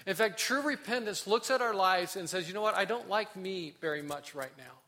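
High, bright-voiced preaching man. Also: a little fast, hardly any pauses. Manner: impassioned preaching, acts out prayers, drops to soft emphasis. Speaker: pastor. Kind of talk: sermon.

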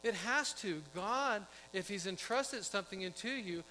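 A man's voice: high voice, a little slow, sharp tone, long reverb tail, slight background noise, low-quality recording. A man pastor preaching a conversational sermon, asking his congregation questions and acting out quotes.

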